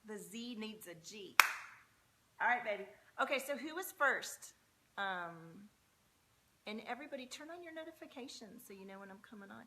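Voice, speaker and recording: A woman hosting a live tarot stream, talking in an effusive, breathy, spiritual way in a large high-ceilinged room. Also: sharp tone, a little hiss or hum. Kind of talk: casual live-stream chat. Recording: muffled, echoey room sound.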